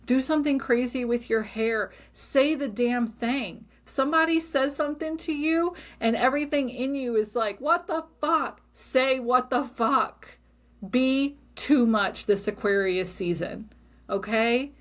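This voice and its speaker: A middle-aged woman hosting a solo podcast, talking casually in a blunt, expressive way and swearing freely. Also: on the high side, a little slow. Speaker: podcast host.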